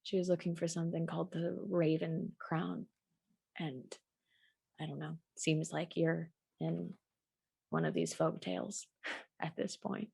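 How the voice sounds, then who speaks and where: Raspy woman in tabletop role-play. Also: low-pitched, little pitch movement, measured pace, darkish tone, no room sound. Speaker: player.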